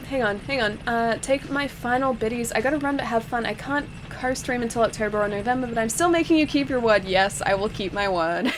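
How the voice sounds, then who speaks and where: A woman's voice: on the high side, a little hiss or hum. A young woman streaming a video game, chatting casually with her viewers, reading their messages aloud and laughing often. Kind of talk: casual live-stream commentary while playing.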